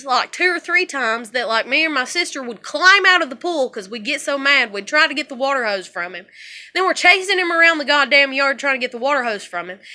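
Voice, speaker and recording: A vlogger in her thirties delivers a casual monologue of rambling, profane stories. She dips into low mutters and then rises into loud outbursts.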